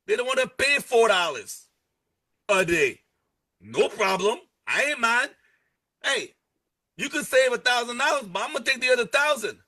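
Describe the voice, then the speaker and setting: A man giving an energetic live sales pitch, repeating key words and joking with his chat audience. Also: normal speed, long pauses. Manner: energetic, repetitive, salesy, playful asides. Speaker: presenter pitching a travel membership.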